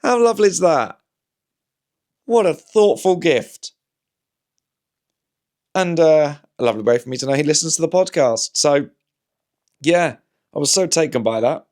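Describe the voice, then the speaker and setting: A man's voice: a little high, lively intonation, normal speed, pauses often, a little mellow. A man, a comedian, talking to camera in a casual rambling monologue, wry and anecdotal, often restarting his sentences. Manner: wry, anecdotal, talks himself through hypotheticals with frequent restarts. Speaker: comedian and vlog host.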